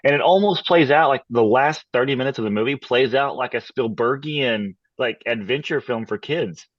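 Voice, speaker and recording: A man co-hosting a podcast, talking in a relaxed, joking way. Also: medium pitch, moderate pace, no room sound, dull audio. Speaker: podcast co-host. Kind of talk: casual podcast chat.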